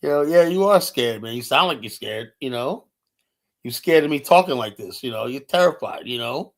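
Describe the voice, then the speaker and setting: A man's voice: mid-range voice, lively intonation, normal speed. Man, live streamer, confrontational and profane, casual heated talk with filler-heavy delivery. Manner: fillers like "you know" throughout.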